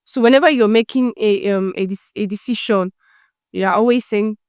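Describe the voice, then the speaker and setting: Lady doing a motivational talk, smooth clear voice, preachy n playful, lots of questions at the listener. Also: medium pitch, moderate pace, no echo, studio quality. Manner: lively, preachy, full of rhetorical questions and teasing. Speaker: self-help podcast host.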